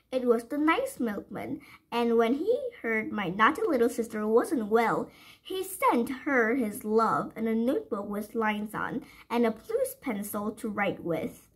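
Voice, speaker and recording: A woman reading a children's storybook aloud in a gentle, sing-song way, talking to her listeners. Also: a little high, husky, poor audio.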